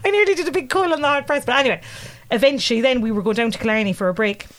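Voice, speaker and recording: A woman with an Irish accent, co-hosting a podcast, tells a lively story and often laughs and acts out what people said. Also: high-pitched, rapid-fire. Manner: animated, laughing often, mimics voices in quotes. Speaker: podcast co-host. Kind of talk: casual storytelling chat.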